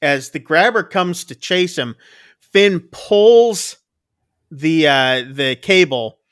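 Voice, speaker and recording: A man's voice: fairly high pitch, animated, slow, fairly bright tone, clear, resonant tone. A man co-hosting a casual movie review, retelling the plot loosely with many fillers. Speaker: podcast co-host.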